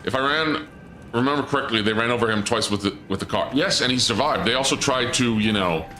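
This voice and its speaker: A fast-talking man with a pushed, bright, medium-pitched voice streams a game, chatting casually with viewers as he rambles through a story, often trailing off and restarting. Music plays behind him, with a little hiss or hum.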